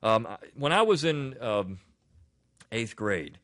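Lively-voiced man hosting a weekly review. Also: lowish voice, slow. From Delaware. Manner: rambling, with frequent restarts and asides. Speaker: podcast host. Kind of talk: casual spoken commentary.

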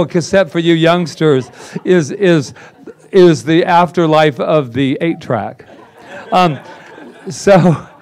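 A reverend presenting at a spiritual center tells his congregation a personal story, theatrical and self-mocking, acting out the quoted lines. His voice is fairly high in pitch with a darkish tone, and the talk is animated storytelling.

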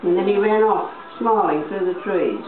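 Grandma reading a kids book out loud, chatty little asides, tinny echoey sound, busy crowd noise behind. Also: female voice, mid-range voice, moderate pace. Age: older. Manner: gentle, chatty asides to a child. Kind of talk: bedtime storybook reading.

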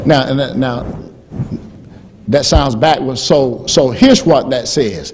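A man preaching a sermon in church, swinging from fervent shouting to quiet storytelling. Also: medium pitch, lively intonation, moderate pace, noisy background. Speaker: pastor.

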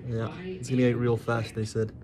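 A man speaking from behind the camera in a hospital room, making quiet, teasing asides in casual chat. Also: mid-range voice, level tone, fairly quick, crowd noise.

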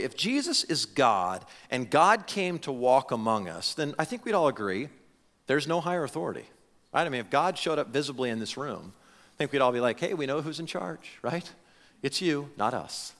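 An animated male pastor preaching in a loose, conversational style, his voice sitting a little high and swinging widely up and down. His tone is bright and forceful, and he often restarts and doubles up his words. The sound rings out in a church hall with a long reverb. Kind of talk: conversational sermon. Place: church sanctuary.

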